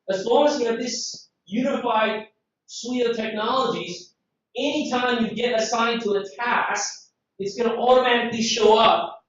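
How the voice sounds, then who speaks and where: A man from Southeast Asia giving a live conference software demo, lively and jokey, full of rhetorical questions. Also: sits high, slight background noise. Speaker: conference presenter. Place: conference room. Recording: very echoey, distant, dull hall sound.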